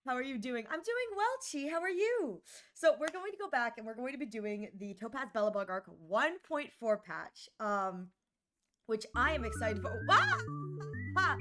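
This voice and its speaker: A woman streaming live, chatting casually with her viewers in a bubbly, giggly, animated way. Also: fairly high pitch, normal speed, faint music behind.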